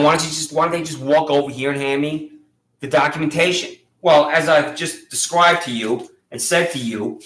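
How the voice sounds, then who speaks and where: A man's voice: on the high side, a bit bright, echoey room, slight background noise, poor audio. A man making an impassioned public complaint against local officials, accusatory, sarcastic and repetitive.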